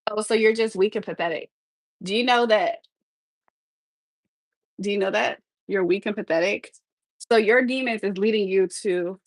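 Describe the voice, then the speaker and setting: A woman's voice: medium pitch, no room sound, rough recording. Sassy young woman live streaming, dry sound. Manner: sassy, talks back to the chat. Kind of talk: casual livestream chat while cooking.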